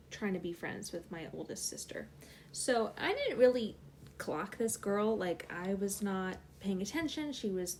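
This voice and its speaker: A woman's voice: mid-range voice, darkish tone, a little hiss or hum. Woman telling a personal story. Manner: casual, conversational, with many fillers. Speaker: channel host.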